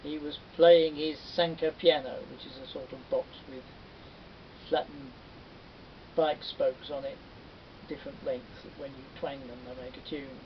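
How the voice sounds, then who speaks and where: A man telling a folktale with lively, animated narration. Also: measured pace. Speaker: storyteller. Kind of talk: folktale storytelling. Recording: dull distant recording with faint rumble.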